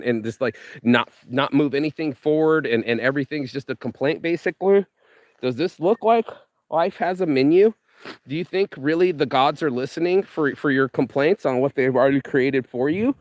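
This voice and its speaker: A man's voice: medium pitch, dry recording, studio quality. Fired-up, profane man giving a motivational rant. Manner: profane, fired-up, rambling with restarts. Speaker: vlogger. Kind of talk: motivational monologue.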